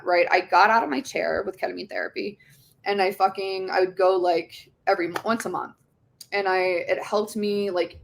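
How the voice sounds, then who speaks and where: A woman's voice: medium pitch, vocal fry, a bit bright. A young woman, an interview guest, telling her own story in a rambling, emotional way, with frequent swearing and restarts. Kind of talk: candid personal testimony.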